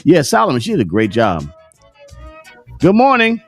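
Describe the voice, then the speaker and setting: A man's voice: on the high side, huge pitch swings, normal speed, soft background music. Laughing, profane male stream host. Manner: joking, laughs often, profane slang. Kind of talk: casual livestream chat.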